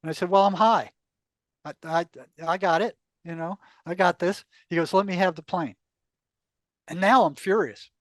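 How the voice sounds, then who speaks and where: Here the same kind of guest, an older man whose voice runs notably high, keeps laughing as he acts out quoted exchanges in a long story from his life. He talks at a normal speed, and the close, dry sound carries no echo or room ambience.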